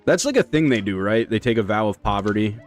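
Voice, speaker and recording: A man's voice: lowish voice, animated, fast talker, soft background music. A man chatting casually on a live stream while playing, rambling and slangy. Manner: rambling, slangy, laid-back. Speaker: speedrun streamer.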